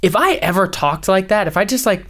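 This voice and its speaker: A young man, a podcast host and former radio DJ, rambling in a fast, high-energy casual way with lots of "like" fillers. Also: expressive, a bit bright. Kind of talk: casual solo podcast rant.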